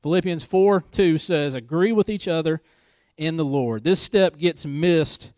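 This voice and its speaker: A man's voice: on the high side, unhurried, a little mellow, no echo, clean studio sound. A married man preaching a church sermon in a conversational way, with joking asides and key lines repeated for emphasis. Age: adult, married. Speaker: pastor. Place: church service.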